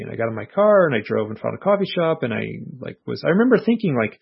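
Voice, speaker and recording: A man, an author being interviewed, earnestly retelling a personal experience in a reflective, animated way, with his inner thoughts voiced as quotes. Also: mid-range voice, fast, vocal fry, slightly rough. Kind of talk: casual conversational storytelling. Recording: muffled lo-fi audio.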